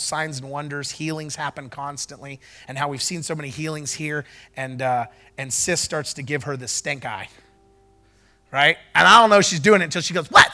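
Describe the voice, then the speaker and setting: Bright-voiced preacher, loud declaring. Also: male voice, on the high side. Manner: swings from loud declarations to quick conversational storytelling. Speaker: pastor. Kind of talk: sermon. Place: church service before a congregation.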